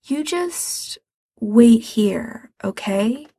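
Soft hesitant young guy in a storybook, read by a woman, breathy and slow. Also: fairly high pitch, animated, no room sound, studio quality, exaggerated voice. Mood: uncertain. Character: earnest young man, caring older brother.

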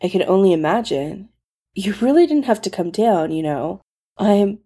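A man's voice: high-pitched, lively intonation, normal speed, warm tone, slightly rough, heavily acted. A woman voicing an exhausted, injured young man who is crying and pleading, his voice breaking. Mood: tired, gentle.

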